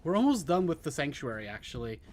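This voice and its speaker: A man's voice: fairly high pitch, big pitch swings, fast talker, a little hiss or hum. A man casually commentating while playing a video game, chatty and self-deprecating, with casual swearing. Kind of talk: casual let's play commentary.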